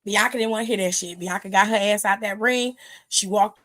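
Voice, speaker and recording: A woman host giving a sassy, gossipy recap of a wrestling show in casual chat, retelling it with lively energy. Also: medium pitch, a little fast. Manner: sassy, gossipy, exclaims "child" often; animated retelling with lively quoted voices. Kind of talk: casual chatty commentary.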